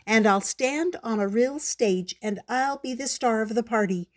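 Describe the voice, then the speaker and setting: A woman's voice: fairly high pitch, measured pace, natural voice. A woman voicing a boastful young male mouse brother in a storybook reading, bragging and competitive.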